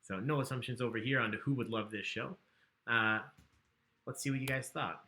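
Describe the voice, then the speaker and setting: Bright-voiced man hosting online trivia. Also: mid-range voice, steady tone, fairly quick, echoey room. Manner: chatty, joking, reads questions aloud. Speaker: trivia host.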